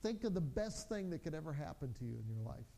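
A man in his forties preaching a sermon, telling stories in a lively way and acting out his children's voices, then going quiet for reflection. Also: a little high, fast talker, gravelly. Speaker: pastor.

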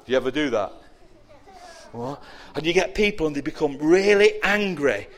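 A man giving a lively children's sermon, asking the young listeners questions and acting out whiny voices. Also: a little high, fast. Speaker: preacher giving a children's talk.

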